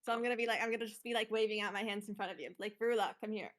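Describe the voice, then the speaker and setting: A woman playing a tabletop game, playful and excitable as she acts out her character. Her voice is bright and sharp, sitting mid-range. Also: medium pitch, very fast. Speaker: player. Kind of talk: casual tabletop play.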